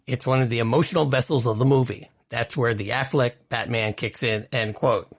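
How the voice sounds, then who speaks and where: Gravelly-voiced man hosting a chatty podcast. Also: medium pitch, steady tone, a little fast. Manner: chatty and opinionated, reads out quotes with asides. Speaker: podcast host. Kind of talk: casual entertainment news commentary.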